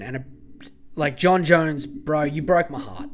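A man's voice: a little high, lively intonation, measured pace. A man hosting a podcast, ranting heatedly and swearing freely in a casual monologue. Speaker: podcast host.

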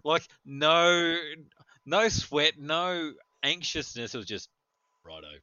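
A man's voice: a little high, slow, pushed and bright, clear, resonant tone. A man co-hosting a casual podcast, telling stories with lots of animation and laughter. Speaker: podcast co-host. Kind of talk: casual storytelling chat. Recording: dull, lo-fi sound.

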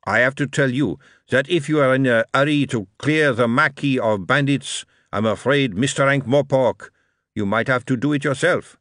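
A man's voice: medium pitch, normal speed, a bit bright, no room sound, pitched above the performer's own voice, lightly acted. A man reading an audiobook, voicing a polite, dry aristocratic marquis with a formal, faintly condescending manner.

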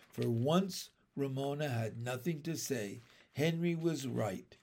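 Slow gravelly man reading a storybook. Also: medium pitch. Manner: measured, expressive storytelling. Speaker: narrator. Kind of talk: reading a children's book aloud.

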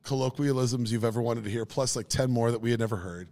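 A man's voice: medium pitch, fast, long reverb tail. A man co-hosting a podcast, telling stories casually with lots of energy, cursing and laughing along the way. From Minnesota. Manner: animated storyteller, swears casually, laughs often. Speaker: podcast co-host. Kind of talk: casual storytelling chat.

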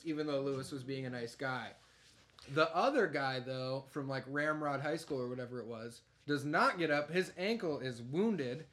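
A man's voice: on the high side, a bit bright. A man hosting a podcast, chatting casually about a TV episode in a laid-back, rambling way. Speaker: podcast host.

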